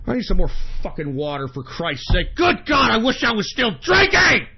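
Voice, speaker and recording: A male radio host in a furious, swearing rant, his voice pushed very high and husky as he shouts. The recording sounds muffled and lo-fi. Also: huge pitch swings, normal speed. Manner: profane, shouting, exasperated. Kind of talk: angry talk-radio rant. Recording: dull lo-fi sound.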